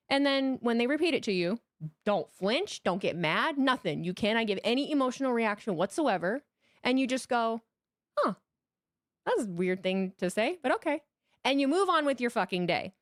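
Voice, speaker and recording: A woman's voice: medium pitch, dry recording, clean studio sound. A woman co-hosting a podcast in casual chat, blunt and profane, laying out advice step by step. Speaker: podcast co-host.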